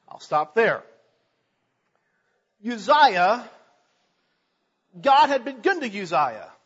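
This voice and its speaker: A man's voice: high-pitched, big pitch swings, extremely slow, fairly bright tone, husky, big-room sound. A man preaching a sermon, earnestly reading scripture aloud and then explaining it. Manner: earnest, reading aloud with small slips and restarts. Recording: dull lo-fi recording.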